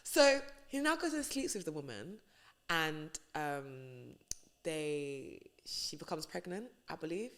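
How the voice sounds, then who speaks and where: Slangy young woman, lowish voice. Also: slow. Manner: animated, slangy storytelling. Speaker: radio presenter, podcast guest. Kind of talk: casual podcast chat.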